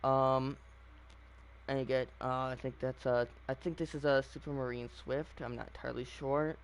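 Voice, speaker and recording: A man's voice: mid-range voice, little pitch movement, normal speed, slight background noise. A man giving casual, opinionated commentary on a video game, rambling with frequent fillers and restarts. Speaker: gaming channel host.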